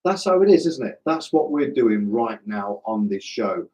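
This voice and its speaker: A middle-aged man with a slightly hoarse voice, hosting a live stream in a casual, self-deprecating way and chatting with viewers like old mates. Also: medium pitch, big pitch swings, moderate pace, darkish tone, low-quality recording. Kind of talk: casual live chat reading viewer comments.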